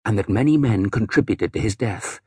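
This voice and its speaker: A man's voice: lowish voice, fairly quick, a little mellow, slightly rough, no room sound, clean studio sound. A man doing a nervous, hissing old priest. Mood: hushed. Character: anxious older male priest, hushed and pleading.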